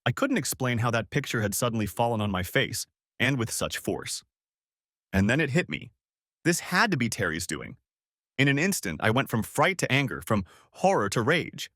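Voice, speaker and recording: A male audiobook narrator reads a first-person drama in an animated, expressive voice that rises and falls widely. His pitch sits in a middle range, and the recording is dry and close with no room sound. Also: moderate pace, no echo.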